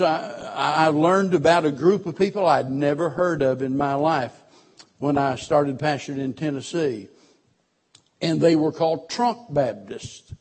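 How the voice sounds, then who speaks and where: A male pastor with a husky, slightly breathy voice set a bit higher than most men's. He preaches with strong emphasis, dropping into hushed storytelling and then climbing back to loud, pressing declarations. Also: measured pace. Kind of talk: sermon.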